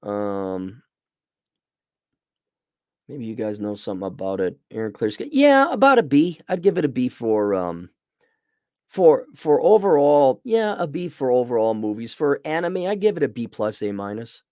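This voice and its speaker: A man's voice: medium pitch, big pitch swings, normal speed, a little mellow, no echo, studio quality. A middle-aged man hosting a casual livestream review, talking bluntly and rambling, often restarting his sentences. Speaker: show host reviewing a series.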